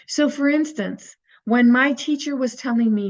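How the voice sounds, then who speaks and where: A woman's voice: high voice, moderate pace, hardly any pauses, muffled recording. A woman teaching a recorded course, talking earnestly and coaching her listeners with rhetorical questions. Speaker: teacher of an inner-child healing course.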